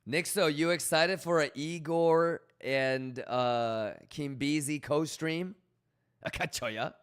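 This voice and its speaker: A young man live-streaming in a loose, rambling way, chatting casually and shouting out viewers by name. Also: fairly high pitch, takes it slowly, clear, resonant tone. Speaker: livestreamer.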